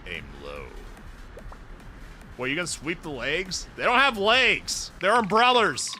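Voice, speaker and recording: Man streamer, high, sharp voice, brash and exasperated. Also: huge pitch swings, unhurried, soft background music. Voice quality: profane, mock-exasperated, yelling at characters. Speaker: VTuber streamer. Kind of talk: casual game reaction stream.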